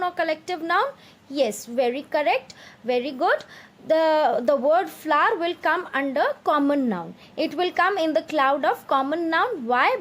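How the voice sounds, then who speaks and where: A woman with an Indian English accent teaches young children, her voice set high. She speaks patiently, spells each word letter by letter and checks that the class is following with questions. She has the steady manner of a classroom teacher.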